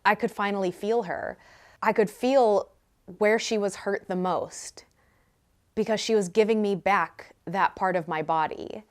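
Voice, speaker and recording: A young woman tells her own story straight to camera, speaking candidly and now and then cracking self-mocking jokes. Her voice sits at an ordinary middle pitch. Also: fairly even intonation, unhurried. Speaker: vlogger. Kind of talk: personal storytelling.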